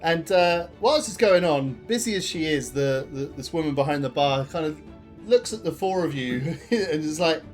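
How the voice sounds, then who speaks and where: A man narrating as game master of a tabletop game, rambling with many pauses and restarts. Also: on the high side, animated, soft background music.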